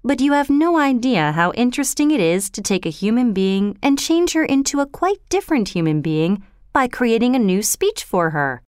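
A woman's voice: fairly high pitch, very animated, moderate pace, clean tone, no echo, clean studio sound. A woman voicing a brusque, self-assured middle-aged male professor in a storybook reading. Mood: confident. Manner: confident, impatient.

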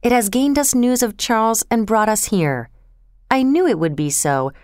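A woman voicing an elderly male doctor who speaks slowly and earnestly. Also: sits high, expressive, smooth, no echo, clean studio sound. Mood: confident. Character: elderly male doctor, former prisoner, calm and certain.

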